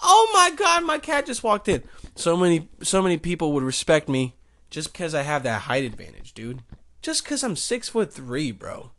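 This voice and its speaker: A man hosts a solo podcast, rambling through crude, jokey tangents. His voice sits on the higher side for a man. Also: wildly swooping pitch, moderate pace, fairly bright tone. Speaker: podcast host. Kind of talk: comedic solo monologue.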